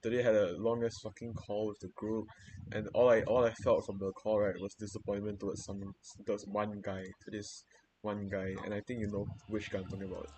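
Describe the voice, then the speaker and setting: A man's voice: on the low side, flat delivery, fairly quick, darkish tone, slight background noise. A young man venting in casual chat, swearing freely and rambling through many restarts and repeated words.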